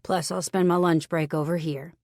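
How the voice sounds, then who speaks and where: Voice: medium pitch, fairly even intonation, normal speed, a little mellow, no echo, close to an everyday voice. A woman narrator voicing a dry, matter-of-fact coworker in an audiobook.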